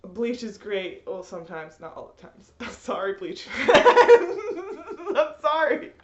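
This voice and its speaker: A woman ranting in a rambling, animated way, full of fillers, in a roomy, slightly dull recording. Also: medium pitch, normal speed. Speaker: vlogger. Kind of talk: ranting commentary.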